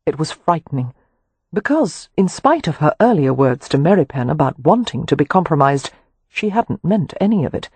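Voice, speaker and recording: A woman with a husky voice giving a measured, expressive audiobook narration of a historical romance. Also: deep voice, no echo. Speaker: audiobook reader.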